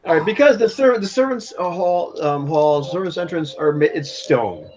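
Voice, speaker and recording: A man's voice: on the high side, expressive, normal speed, darkish tone, dull audio, slight background noise. A man running a tabletop game as game master, narrating and explaining rules with frequent restarts.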